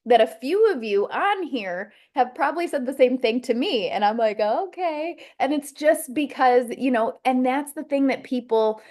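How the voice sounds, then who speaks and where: Chatty woman with a slightly high voice. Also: lively intonation, moderate pace, hardly any pauses, darkish tone. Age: adult with a child. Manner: chatty, rambling with many fillers and restarts. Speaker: sales team leader. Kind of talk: casual motivational coaching talk.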